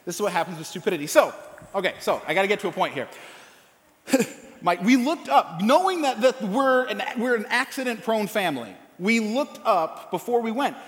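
A man's voice: high voice, animated, normal speed. A man preaching a sermon in a casual, rambling way, telling a personal story with many fillers and restarts. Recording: echoey hall with long reverb.

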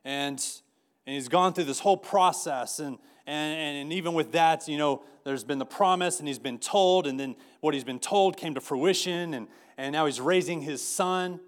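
A pastor delivers a casual, storytelling sermon in a voice a little higher than most men's. He often restarts his sentences and doubles up on words as he goes. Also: normal speed. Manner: conversational preaching with many restarts and repeated words.

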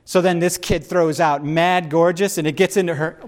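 Male pastor, middle-aged, fairly high voice, lively chatty sermon with asides to the crowd. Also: normal speed, few pauses. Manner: animated, conversational, with asides to listeners.

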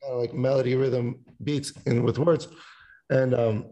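A man's voice: medium pitch, level tone, normal speed, warm tone. A man, a musician guest on a casual podcast, rambling and swearing freely as he talks about songwriting. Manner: rambling, swears a lot, sings snippets.

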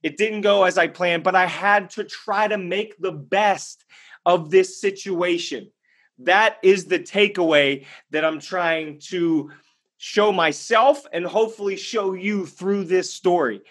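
A man with a slightly high-pitched voice delivering a motivational talk. He speaks emphatically and bluntly, storytelling with energy. He poses rhetorical questions and answers them himself. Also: takes it slowly, fairly bright tone. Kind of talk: motivational monologue.

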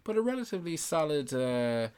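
A man's voice: on the high side, big pitch swings, brisk, darkish tone, clean tone. A man co-hosting a casual podcast chat, blunt and teasing and free with swear words. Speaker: podcast co-host. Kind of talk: casual chat about fantasy football.

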